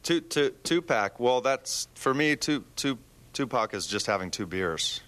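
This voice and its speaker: A man being interviewed as a musician, joking and halting with fillers. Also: mid-range voice, animated, fairly bright tone. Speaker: musician guest. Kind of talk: casual interview.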